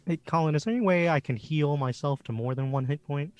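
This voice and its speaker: A man's voice: a little high, quick pace, darkish tone, no echo, lo-fi sound. A man playing a tabletop role-playing game, asking questions in an easygoing way. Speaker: player. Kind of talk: casual tabletop play.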